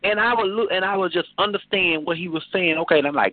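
A man's voice: high-pitched, fast talker, hardly any pauses. A man preaching fervently to a phone chat line, repeating and restarting his phrases, heard over a tinny phone connection. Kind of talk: informal preaching testimony.

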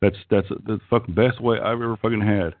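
A man's voice: fairly low pitch, steady tone, brisk, no room sound. A middle-aged man with an Okie accent hosting a casual call-in chat, crude, profane and rambling. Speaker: call-in show host. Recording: tinny phone-like call line.

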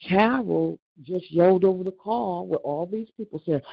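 An older woman on a casual phone call, telling an animated, indignant story and acting out the back-and-forth of what was said. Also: fairly low pitch, moderate pace, vocal fry, slightly rough, no echo. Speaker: caller.

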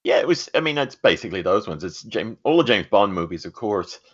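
Male podcast co-host, lower voice, loose chatty delivery, trails off mid-thought, muffled audio. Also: very animated, brisk, husky. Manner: meandering, laughs easily, trails off. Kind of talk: casual chat.

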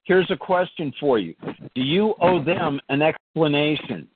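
A man's voice: fairly high pitch, lively intonation, unhurried. A man hosting a community call, who stammers into interruptions and poses challenging questions. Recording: phone-line call with faint noise.

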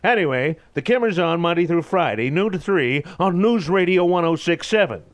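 A famous actor's dramatic, halting delivery, as a man impersonates him in a comic radio promo. The jokes land deadpan. The voice sits a bit high, recorded dry and close. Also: dry recording, close to an everyday voice.

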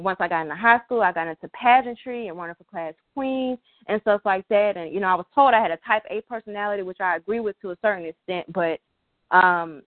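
A woman turning thirty, speaking emotionally and haltingly with many fillers, close to tears. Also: mid-range voice, no room sound, phone-quality sound. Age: 20s. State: tearful, emotional. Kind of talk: emotional personal talk.

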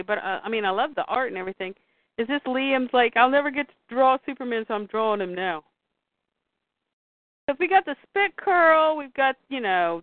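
A woman's voice: a little high, no room sound. A woman co-hosting a podcast, chatting about comics and working through her point with restarts. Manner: chatty, hesitant restarts while making a point. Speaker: podcast co-host. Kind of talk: casual chat about comics. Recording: tinny phone-like dry audio.

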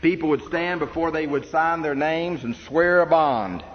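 A man's voice: on the high side, normal speed. Preacher guy telling church history, earnest and punchy, muffled lo-fi sound with long reverb. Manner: earnest, emphatic, with rhetorical questions. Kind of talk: sermon lecture on church history. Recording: dull reverberant hall recording with faint noise.

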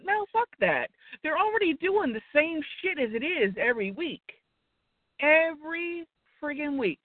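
A woman's voice: high-pitched, big pitch swings, unhurried, dry recording. Irritated woman ranting over phone. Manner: irritated, profane, rambling rant. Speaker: co-host. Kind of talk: casual wrestling talk. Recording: tinny phone-line audio.

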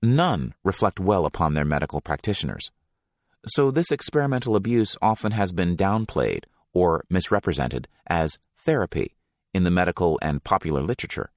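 A man reading passages from a book aloud in a measured, deliberate way, giving weight to titles and names. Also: deep voice, sing-song, no room sound, clean studio sound.

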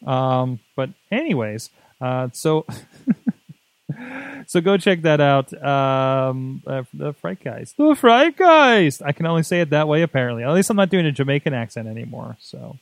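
A man's voice: medium pitch, lively intonation, normal speed, creaky, dry recording. A man co-hosting a tech podcast, chatting casually and rambling with lots of fillers and jokes. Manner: rambling, jokey, many fillers. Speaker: podcast co-host.

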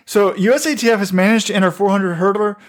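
A man with a high voice co-hosts a casual podcast chat. He talks in an excitable way and laughs often, sounding gleeful. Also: fast. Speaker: podcast co-host.

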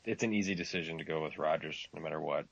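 A man co-hosting a casual sports podcast, giving measured opinions. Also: rumbling low, vocal fry, dull audio, a little hiss or hum. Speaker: podcast co-host.

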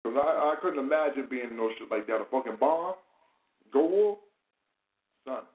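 A man hosting a casual commentary chat, animated and profane, full of rhetorical questions. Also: mid-range voice, moderate pace. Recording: tinny phone-like sound in an echoey room.

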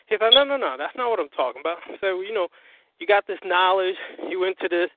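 A man, a guest on a call-in interview, telling his story in an animated, profane way and acting out what others said. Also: high voice, quick pace, background noise. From US Northeast. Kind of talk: casual phone interview. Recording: tinny phone line.

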